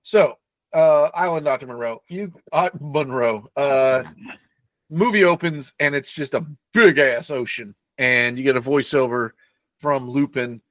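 A man co-hosting a podcast, loosely retelling a movie plot with profanity and quick silly voices. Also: medium pitch, a bit bright, dry recording. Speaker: podcast co-host recapping a film. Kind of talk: casual chat.

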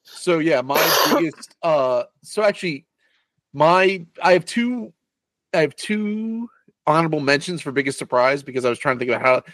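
A man with a somewhat raised pitch talks through his movie picks in a loose, halting way. He often stops and restarts his sentences. The recording is dry and close. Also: lively intonation, a bit bright, no echo. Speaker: podcast co-host. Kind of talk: casual movie podcast chat.

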